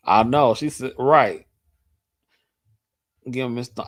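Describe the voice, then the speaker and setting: Laid-back low-voiced man chatting on a stream. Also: animated, slow pace, long pauses, dry recording. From Michigan. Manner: laid-back, repeats points for emphasis. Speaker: host. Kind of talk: casual livestream chat answering viewers.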